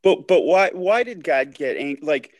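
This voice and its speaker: A man's voice: on the high side, lively intonation, measured pace, dry recording. A man, a student in a class, asking a question in a hesitant way and searching for words.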